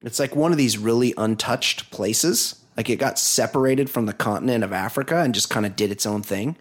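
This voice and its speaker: A man's voice: mid-range voice, fairly quick. A man co-hosting a podcast, telling a news story in a rambling, profane way, with lots of fillers. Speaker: podcast co-host. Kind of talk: casual chat.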